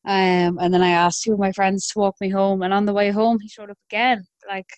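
A young Irish woman in her twenties, telling her own story in a relaxed, chatty way with hesitant restarts. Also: medium pitch, a little fast, clean tone, no room sound. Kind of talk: conversational storytelling.

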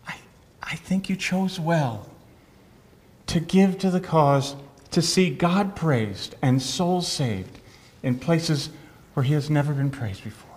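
A man's voice: a little high, slow, a little mellow. A middle-aged man, a missionary doctor, preaching an earnest sermon.

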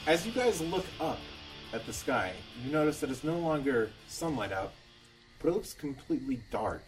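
A man running a tabletop game as game master, narrating scenes calmly. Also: fairly high pitch, normal speed, soft background music, poor audio.

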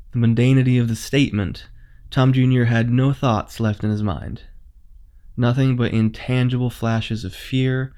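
A man reading a horror story aloud in a measured, suspenseful way. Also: medium pitch, darkish tone. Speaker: narrator. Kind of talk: scripted horror narration.

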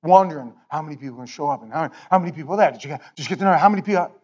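Pastor, male, high-pitched, loose chatty sermon delivery, dull lo-fi recording. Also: racing. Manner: conversational, animated, repeats words. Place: church sanctuary.

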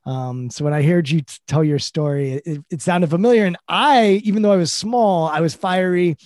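A man hosting a podcast who asks reflective, measured questions and shares his own memories. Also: on the high side, darkish tone, dry recording, studio quality. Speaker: podcast host. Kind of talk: podcast interview.

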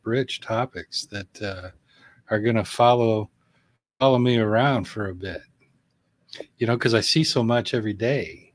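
A man co-hosts a casual conversation, reflective and unhurried in how he thinks aloud. His voice is mid-pitched, and the recording is dry and close. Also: dry recording. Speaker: co-host. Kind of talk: casual interview chat.

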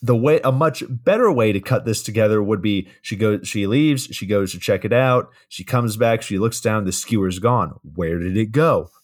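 A man from Georgia with a somewhat low voice recaps scenes in a casual film-review chat. His delivery is wry and joking. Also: normal speed, hardly any pauses. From Georgia, USA. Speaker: podcast co-host.

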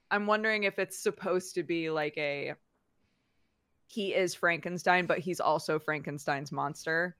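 Slow-talking young woman podcaster. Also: lowish voice, clear, resonant tone, no room sound, clean studio sound. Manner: animated, laughing, swears freely. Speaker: podcast host. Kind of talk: casual chat.

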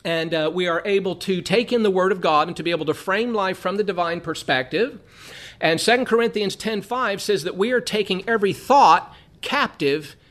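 A man's voice: high voice, a bit bright. A man from Southern California teaching an earnest Bible study lesson, repeating phrases for emphasis.

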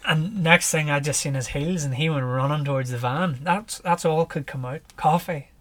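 A man with a Northern Irish accent, a podcast guest telling his story in a relaxed, lively way and chuckling as he goes. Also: a little high, normal speed. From Northern Ireland. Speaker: podcast guest, ultra runner. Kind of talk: casual storytelling.

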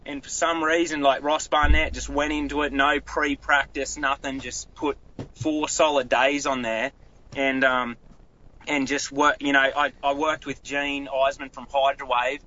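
A man with an Australian accent talks in a casual podcast chat, rambling and restarting his sentences. His voice is bright and forceful, and the recording is a little dull and lo-fi. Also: mid-range voice, level tone, unhurried. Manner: rambling storyteller with many restarts. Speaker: guest angler.

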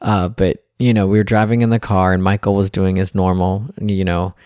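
A man's voice: low-pitched, moderate pace, clear, resonant tone, dry recording, clean studio sound. A man co-hosting a family podcast, chatting casually and animatedly with lots of fillers and restarts. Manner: rambling, many fillers and restarts; animated storyteller. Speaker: podcast co-host. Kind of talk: casual chat.

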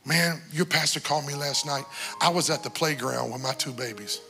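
A man preaching a sermon as a guest bishop in a church, exhorting and shouting, with big swings between loud cries and quiet talk. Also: a little high, a little fast, creaky, faint music behind. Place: church sanctuary.

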